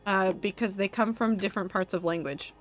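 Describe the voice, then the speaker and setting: A woman's voice: mid-range voice, a little fast, faint music behind. A young woman streaming a game from home, chatting casually with her chat in a rambling way, laughing at herself. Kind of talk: casual chat reading live chat while gaming.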